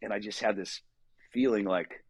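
A man in his forties speaks with a slightly husky, breathy voice, recorded close and dry with little room sound. He talks like a coach in an easygoing podcast chat, earnest and animated, acting out the voices in his head. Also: on the low side, moderate pace, dry recording. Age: 40s. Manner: earnest, animated storyteller who acts out inner dialogue. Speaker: fitness coach for fathers. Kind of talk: casual podcast conversation.

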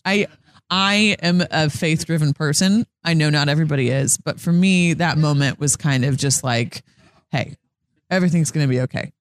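A woman's voice: sits low, normal speed, dry recording, clean studio sound. A young woman, a sports TV reporter, telling stories in an earnest, chatty way, full of "like" fillers and acted-out quotes. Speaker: sports TV reporter, interview guest. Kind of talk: casual interview storytelling.

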